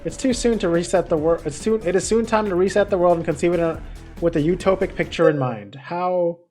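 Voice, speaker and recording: A woman's voice: on the low side, fast, dark tone, natural voice. A woman voicing a haughty, insulting cube-shaped mascot villain from a game, with mocking, vulgar taunts over faint music. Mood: scheming.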